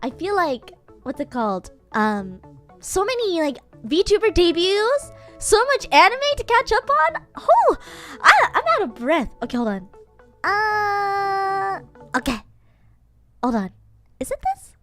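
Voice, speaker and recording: Bubbly high-voiced young woman streamer. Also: big pitch swings, slow pace, a bit bright, soft background music. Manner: bubbly and giggly, thanking viewers. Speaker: VTuber streamer. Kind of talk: casual live-stream chat.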